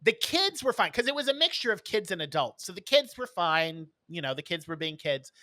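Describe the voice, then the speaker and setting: A man with a bright, forceful voice co-hosts a casual podcast. He tells stories bluntly and with plenty of snark, in a dry, close sound. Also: high voice, very animated, fairly quick, no echo. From New York. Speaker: podcast co-host. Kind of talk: casual chat.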